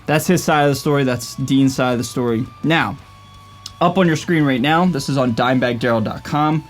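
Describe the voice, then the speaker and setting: A man's voice: medium pitch, a little fast, faint music behind. A young man hosting a casual commentary video, stumbling and hesitant, with lots of fillers. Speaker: YouTube host.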